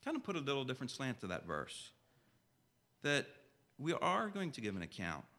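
This preacher's sermon carries a sharp, forceful edge, his mid-range voice making huge pitch swings. He addresses the congregation in a conversational style full of direct questions, and his scripture reading turns slow, solemn, and measured.

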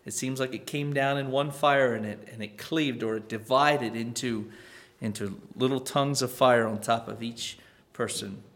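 Male pastor, mid-range pitch, conversational sermon delivery that swells on emphasis. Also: steady tone, moderate pace, a bit bright. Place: church.

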